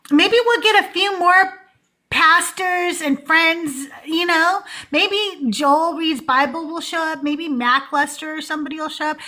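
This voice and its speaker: A woman's voice: sits high, bright, forceful tone. A woman in her forties hosting a live call-in show, chatting casually and laughing often between many fillers. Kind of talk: casual livestream chat.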